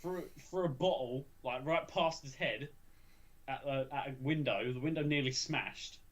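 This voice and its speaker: A man's voice: mid-range voice, measured pace. A young man, telling a school story in casual chat, rambling with frequent restarts and swearing. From England. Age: young adult. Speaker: podcast co-host.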